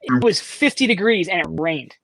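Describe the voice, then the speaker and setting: A man's voice: high voice, lively intonation, moderate pace, a bit bright, dry recording, low-quality recording. Rambling man guest, slightly raised voice. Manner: rambling, many you-knows. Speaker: podcast guest. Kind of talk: casual chat.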